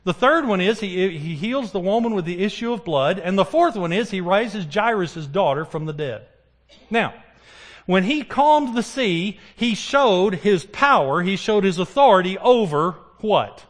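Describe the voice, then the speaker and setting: A man's voice: high-pitched, measured pace. A man preaching a sermon. He keeps putting questions to the congregation and answering them himself. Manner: animated, asks the congregation questions.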